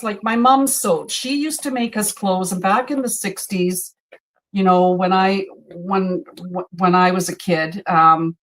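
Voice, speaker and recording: A woman in her sixties talks casually as she sews, wandering through stories at an easy, chatty pace. Her voice sits at an ordinary middle pitch. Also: a bit bright. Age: 60s. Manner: chatty, storytelling. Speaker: host. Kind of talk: casual chat while sewing.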